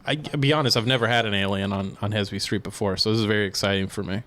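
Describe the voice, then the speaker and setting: A man's voice: lowish voice, steady tone, racing, hardly any pauses, a bit bright. A man hosting a comedy podcast, playful and chatty, introducing segments like a mock game show. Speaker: podcast host. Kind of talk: casual comedy podcast chat.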